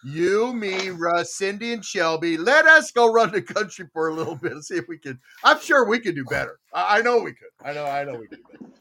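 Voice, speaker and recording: A man in his seventies runs a casual podcast panel with excitable, emphatic energy. His voice sits high and swings widely in pitch. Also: brisk, few pauses, a little hiss or hum. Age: 70s. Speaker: podcast host.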